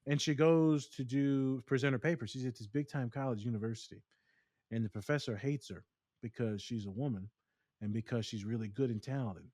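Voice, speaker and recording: A man co-hosting a podcast, talking casually and telling stories in long, animated rants. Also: medium pitch, fairly quick, no room sound, studio quality. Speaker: podcast co-host.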